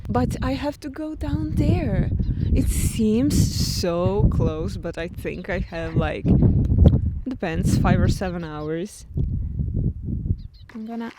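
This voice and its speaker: A woman's voice: medium pitch, animated, slow, pauses often. A young woman from Croatia vlogging outdoors on a hilltop, chatting emotionally to her camera and laughing through tears. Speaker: travel vlogger. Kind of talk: casual vlog talk to camera. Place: outdoors on a windy island hilltop. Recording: loud wind and outdoor noise.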